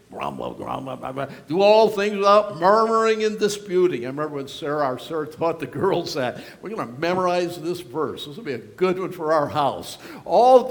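A pastor from western New York preaching a sermon in a church, acting out prayers and quotes with strong feeling. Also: male voice, high voice. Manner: emotive, acts out prayers and quotes in varied voices. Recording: long hall reverb.

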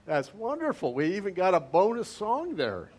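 A man's voice: sits high, huge pitch swings, normal speed. A male pastor giving an interactive sermon, calling on members of the congregation and repeating key words for emphasis.

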